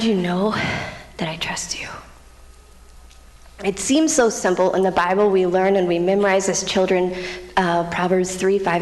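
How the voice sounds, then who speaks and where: A young woman giving a personal testimony in a church, speaking earnestly and often dropping to a hushed near-whisper. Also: mid-range voice. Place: church sanctuary. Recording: reverberant church hall.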